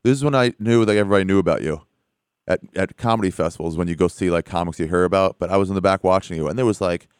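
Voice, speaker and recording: A man's voice: deep voice, racing, smooth, no room sound. A man hosting a comedy show, chatting casually and joking with his guest. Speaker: show host. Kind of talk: casual chat.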